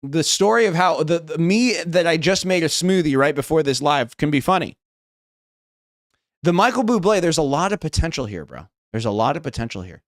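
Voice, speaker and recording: A man's voice: on the high side, very animated, a little fast, no echo, clean studio sound. An American man rehearsing stand-up on a live stream, rambling and self-mocking and starting his lines over again and again. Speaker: streamer trying out stand-up jokes.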